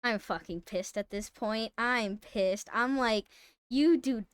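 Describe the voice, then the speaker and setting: A woman streamer telling a story in casual live-stream chat, animated and swearing freely. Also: mid-range voice, slow, clear, resonant tone, no room sound, clean studio sound.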